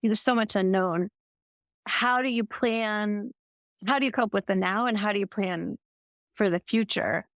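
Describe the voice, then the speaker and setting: A woman talks as a podcast guest, thoughtful and empathetic, turning questions over as she speaks. Her voice sits at a middle pitch with a dry, close sound. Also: a little slow, dry recording. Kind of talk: reflective conversational interview talk.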